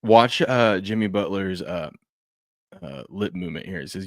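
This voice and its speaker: A man hosts a loose, casual sports talk show, his voice sitting a little low. He rambles and trips over his own sentences, restarting as he goes. The sound is close and dry, with no room around him. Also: lively intonation, moderate pace, no room sound. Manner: rambling, repeats himself, frequent restarts and fillers.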